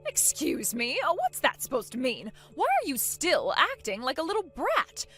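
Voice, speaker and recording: Bossy and indignant, this middle-aged mother-in-law barks orders and protests at full volume, as a woman acts her out. Her raised voice leaps around in pitch, sitting a little high. Soft music plays beneath this animated story. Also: moderate pace, heavily acted. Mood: commanding. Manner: loud, indignant, demanding. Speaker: voice actor. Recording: faint music underneath.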